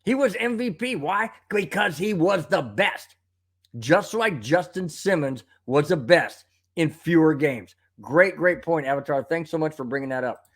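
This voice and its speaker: A man's voice: fairly high pitch, lively intonation, unhurried. A man with a slightly raised voice hosts a live sports talk stream. He gets worked up and rants as he answers viewer comments. A tickle in his throat sets off coughs along the way. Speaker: live show host.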